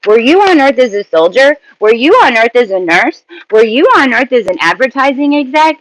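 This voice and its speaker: A man's voice: very high voice, animated, brisk, a bit bright, voice pushed up, rough recording. A man voicing a cheerful adult male greeter on a starship, asking friendly, upbeat questions. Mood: welcoming.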